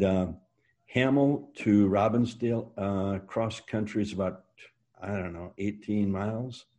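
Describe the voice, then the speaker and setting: As an interview guest, a man with a low, deep voice and a mellow, dark tone tells long family stories in a relaxed, casual interview. He rambles, restarts his sentences, and fills pauses with "uh" and "you know."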